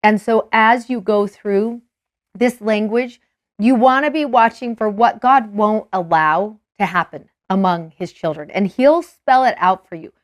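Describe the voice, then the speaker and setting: A woman's voice: mid-range voice, unhurried, no room sound, studio quality. A woman co-hosting a casual scripture discussion, eager and explaining things for teachers. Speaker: co-host of a scripture study show.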